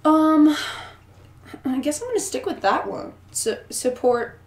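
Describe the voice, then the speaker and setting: A woman's voice: sits high, lively intonation, a little slow, echoey room. A young woman guest on a podcast, talking casually, giggling and searching for her words. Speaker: guest singer-songwriter. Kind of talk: casual interview chat.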